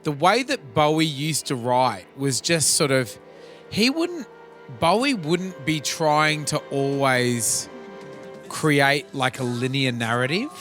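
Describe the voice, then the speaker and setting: A man's voice: a little high, expressive, takes it slowly, fairly bright tone, faint music behind. An Australian man co-hosting a podcast, musing in a rambling, casual way full of fillers. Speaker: podcast co-host. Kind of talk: casual chat.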